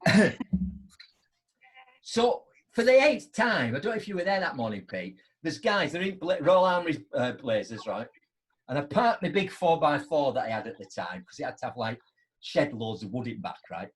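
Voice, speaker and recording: A middle-aged man spins a story to his live online audience. His husky voice swings up and down as he acts out both sides of the exchange. He sits a little higher than most men and keeps tagging his lines with a quick "right?". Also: big pitch swings. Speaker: host.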